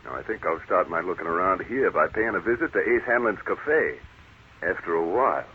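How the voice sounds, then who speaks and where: Red Ryder, calm cowboy hero. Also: male voice, deep voice, a little fast. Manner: calm, commanding western drawl. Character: steady, confident cowboy hero. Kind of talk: 1940s radio acting. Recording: tinny, hissy old radio broadcast.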